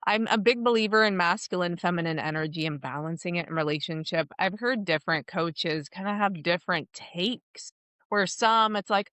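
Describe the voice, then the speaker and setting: A woman's voice: lowish voice, moderate pace, fairly bright tone, dry recording. A woman hosting a podcast interview, asking curious questions and affirming her guest in casual chat. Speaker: podcast host.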